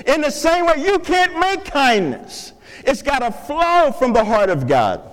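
Pastor, male, high and animated voice, unhurried; teaching sermon that quizzes the congregation, church hall with long reverb. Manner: quizzes the congregation with playful questions. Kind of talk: interactive sermon with object lessons. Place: church sanctuary with a live congregation.

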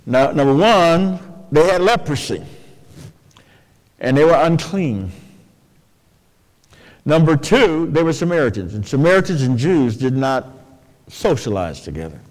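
Slow, lively preaching man with hall reverb. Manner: expressive preaching, swinging from soft low phrases to sudden high emphatic ones; folksy, colloquial asides. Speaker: pastor. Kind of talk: sermon.

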